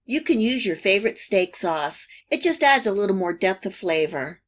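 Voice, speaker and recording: A woman hosting a cooking channel, giving calm, even, step-by-step recipe instructions in a scripted voice-over. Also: medium pitch, moderate pace.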